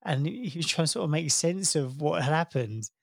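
A man in his thirties with a gravelly, slightly raised voice, telling a family story in easy conversation. His delivery is warm and animated, and he jumps up in pitch whenever he quotes his kids. The sound is close and dry. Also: a little fast, no echo. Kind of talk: casual chat.

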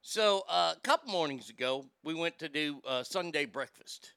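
Bright high-voiced man swearing through a story. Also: expressive, normal speed, gravelly, smooth, no echo, studio quality. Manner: profane, loose, laughs easily. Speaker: podcast host. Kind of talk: casual storytelling chat.

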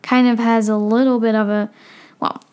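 A woman's voice: on the high side, level tone, normal speed, a little mellow, clear, resonant tone. Chatty Dutch teen girl podcaster. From Netherlands. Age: teens. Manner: chatty, rambling, self-deprecating, many fillers. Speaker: podcast host. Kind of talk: casual solo podcast chat.

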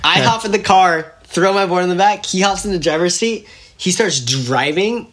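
A young man telling a story casually as a podcast guest, animated and laughing as he acts out what people said. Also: high voice, normal speed.

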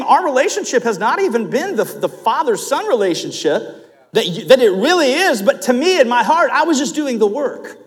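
Middle-aged male pastor, high lively voice, sermon in a church hall with long reverb. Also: moderate pace. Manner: animated storytelling preacher, rising to loud emphatic peaks. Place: church sanctuary.

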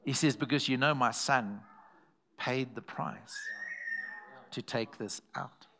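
A man's voice: mid-range voice, slow, a crowd in the background. A man preaching a sermon in a church, telling stories and calling out to the congregation. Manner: animated, calls to the congregation, acts out quoted voices. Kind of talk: sermon with storytelling.

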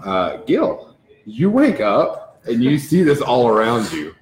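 A man narrating a tabletop game as game master, in a slow, descriptive, dramatic manner. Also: medium pitch, huge pitch swings, reverberant, slight background noise, poor audio.

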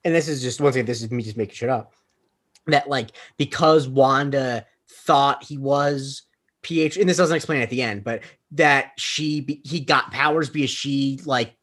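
A man's voice: mid-range voice, normal speed, fairly bright tone. A man recapping a TV episode in casual podcast chat, rambling with many fillers and joking at his own expense. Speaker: podcast co-host.

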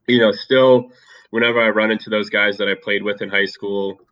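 A man's voice: on the low side, brisk, highs cut off. A man chatting casually about a movie and his school football days, rambling a little with many fillers. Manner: relaxed and talkative, with many fillers. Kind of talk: casual chat.

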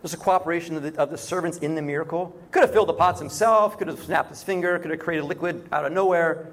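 A man's voice: fairly high pitch, fast. A man preaching a sermon in a conversational way, often acting out short quoted voices. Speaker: pastor.

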